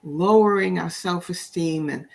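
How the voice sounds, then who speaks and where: A middle-aged woman hosting an interview, speaking gently and thoughtfully, often restarting her phrases. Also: lowish voice, measured pace, creaky. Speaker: host. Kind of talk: interview, reflective talk.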